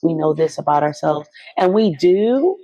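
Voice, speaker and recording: A woman's voice: deep voice, expressive, moderate pace, mellow, dull audio. A woman guest, a belief coach, chatting casually and reassuring the host. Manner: reassuring, supportive. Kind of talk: casual chat.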